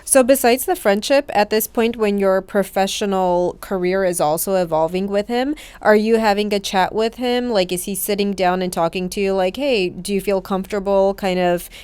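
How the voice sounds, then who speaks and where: Smooth-voiced woman interviewer. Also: mid-range voice, moderate pace, hardly any pauses, no room sound. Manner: warm, encouraging, laughs along. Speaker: podcast host. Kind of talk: casual interview.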